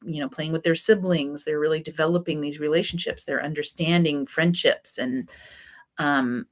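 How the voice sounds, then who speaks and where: A woman's voice: low voice, steady tone, normal speed. A woman giving a casual spoken class, talking loosely with frequent fillers and restarts. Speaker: class teacher.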